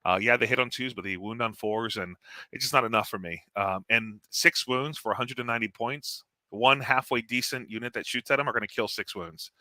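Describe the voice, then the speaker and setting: A man talking tabletop strategy as a guest, animated and blunt, laughing often. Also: mid-range voice, fairly quick, no echo. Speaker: guest tournament player. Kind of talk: casual gaming strategy chat.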